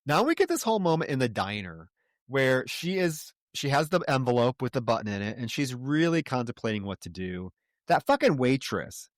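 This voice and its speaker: A man co-hosting a podcast, retelling a movie in casual, profane, animated chat. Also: mid-range voice, normal speed, dry recording, studio quality. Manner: animated, profane storytelling with laughs. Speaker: podcast co-host. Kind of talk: casual chat recapping a film.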